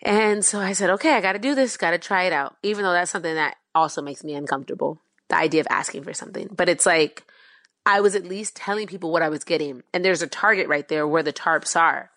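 A woman's voice: on the low side, a bit bright, dry recording. Woman guest recounting a personal story, earnest and rambling, dry recording. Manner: earnest, fast-flowing, filler-heavy with "like".

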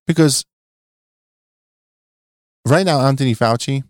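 A man's voice: mid-range voice, slow, no echo, clean studio sound. A man, a podcast guest talking in a blunt, skeptical, joking way. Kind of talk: casual podcast chat.

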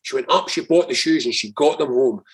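A Scottish man, a guest on a podcast, telling stories in a lively, emphatic way and swearing freely. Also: mid-range voice, fairly quick, breathy edge. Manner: animated, emphatic storyteller who swears freely. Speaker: guest, political strategist. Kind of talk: casual podcast conversation, storytelling.

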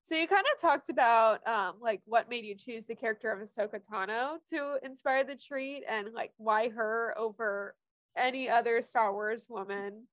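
A woman's voice: on the high side, fairly bright tone, no room sound, lo-fi sound. Host woman with dry, close sound. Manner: short encouraging backchannels, halting questions. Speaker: podcast host. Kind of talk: casual interview.

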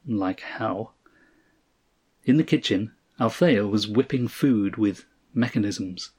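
A man narrating a story in a measured, dramatic reading style. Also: fairly low pitch, darkish tone, husky.

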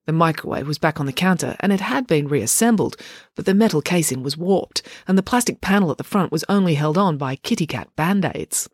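A woman narrating a children's story, with expressive, animated storytelling. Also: sits low, a little fast, breathy edge, no echo, clean studio sound. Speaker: audiobook narrator. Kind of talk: storybook reading.

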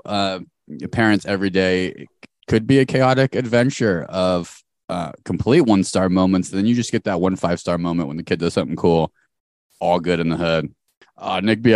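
A man's voice: low-pitched, fairly even intonation, moderate pace, a little mellow, no echo, studio quality. A man in his forties hosting a podcast, laid-back and jokey with lots of slang. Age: 40s. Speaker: podcast host. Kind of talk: casual chat.

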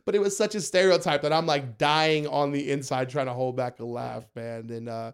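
A young man telling stories in a casual podcast chat, acting out quotes in a high voice. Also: moderate pace, clear, resonant tone. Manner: animated storyteller, acts out quotes in a high voice. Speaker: guest, food content creator.

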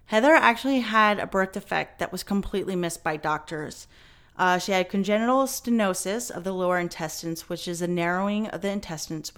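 A woman hosting a podcast tells a story in casual chat, full of fillers and with some swearing. Her voice is on the low side and a bit bright.

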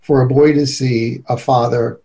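Creaky, dark-voiced middle-aged man. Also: mid-range voice. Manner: earnest, animated, quick to laugh. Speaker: guest expert on relationships. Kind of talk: conversational interview.

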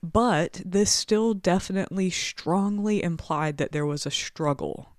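Woman, true crime podcast co-host, low-pitched and chatty, close and dry sound. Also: a little slow, dry recording. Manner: casual, chatty, with frequent 'like'. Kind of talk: true crime podcast chat and scripted narration.

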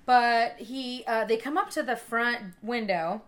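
A young woman co-hosting a casual chat podcast, telling a story in an animated, profane way. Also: a little high, unhurried. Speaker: podcast co-host.

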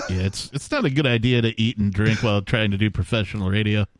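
A man's voice: on the low side, brisk, no room sound. A man hosting a casual talk radio show, chatting with fillers and asides. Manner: conversational, drawls with fillers. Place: radio studio.

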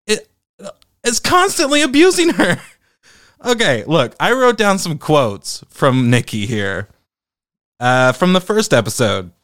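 A man hosting a commentary podcast, talking in an animated, incredulous way. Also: sits high, smooth, dry recording, clean studio sound. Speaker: podcast host.

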